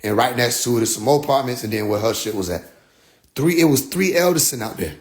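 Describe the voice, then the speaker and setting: Young man, casual storytelling, profane, animated, loud bursts and low asides, mid pitch. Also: fast talker.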